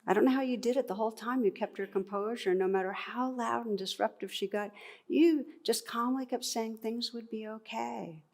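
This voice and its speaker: A woman's voice: a little high, normal speed, a little mellow, voice pushed up. A woman voicing a polite male shopper who earnestly compliments a stranger, inside a spoken anecdote. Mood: admiring.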